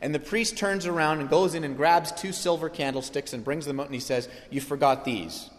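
A man preaching a sermon as pastor, telling stories in an animated, lively way. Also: a little high, fairly quick. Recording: long hall reverb.

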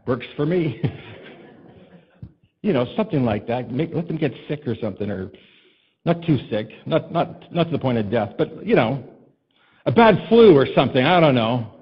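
A man delivers a sermon in an easy, conversational way, asking his listeners questions and acting out conversations. His voice is somewhat husky and sits at a middle pitch. The recording sounds muffled and dull. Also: lively intonation, moderate pace, long pauses. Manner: conversational, asks the congregation questions, acts out quotes. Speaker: pastor.

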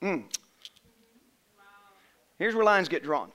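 A man preaching a sermon to a congregation, emphatic and rising to shouts on key phrases, leading call-and-response. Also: sits high, animated, normal speed. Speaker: pastor. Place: church sanctuary.

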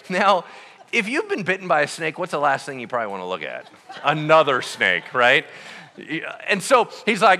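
A man preaching a sermon, telling a story in an animated, comic way with voices for the people in it. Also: high voice, moderate pace, long reverb tail. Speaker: pastor.

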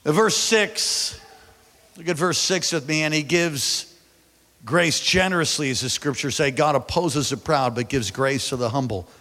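Animated preacher in an echoing hall. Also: male voice, on the high side, a little slow. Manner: animated storytelling, shouting at peaks; calls on the congregation to respond. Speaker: pastor. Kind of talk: sermon.

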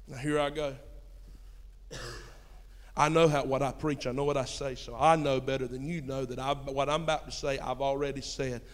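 Pastor preaching in a reverberant hall. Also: male voice, medium pitch, little pitch movement, moderate pace. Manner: folksy storytelling, swings from quiet to shouting. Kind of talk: sermon. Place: church sanctuary.

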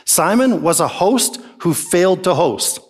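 A man preaching a sermon with a lively, swooping delivery. His voice sits a touch high for a man. He drives his points home with emphatic rhetorical questions. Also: a little slow. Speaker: pastor.

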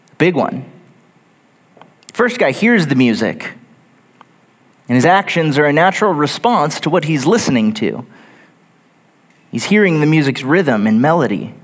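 A man preaching a sermon in a church, earnest and building his points through lists and repetition. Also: fairly high pitch. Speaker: pastor. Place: church sanctuary.

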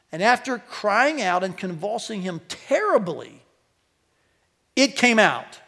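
High-voiced animated male preacher. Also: gravelly. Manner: animated preaching, voice rising for quoted lines. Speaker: pastor. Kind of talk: sermon. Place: church sanctuary.

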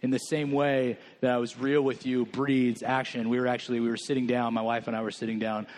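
A man's voice: medium pitch, level tone, brisk, a little mellow. A male senior pastor in his thirties preaching a candid, conversational sermon in a church, open about his own failings. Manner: candid, conversational, self-deprecating.

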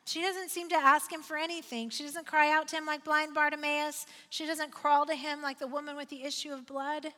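A woman's voice: high voice, pushed and bright, long reverb tail. A woman pastor preaching a sermon, conversational and personal, building to emphatic repeated refrains.

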